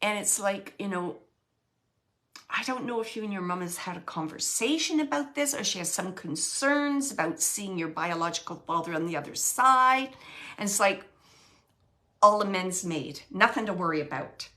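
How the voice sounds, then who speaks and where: A woman giving a live mediumship reading, relaying messages in a halting, emotional way and often searching for words. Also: medium pitch, lively intonation, bright, forceful tone. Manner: emotional, close to tears at times.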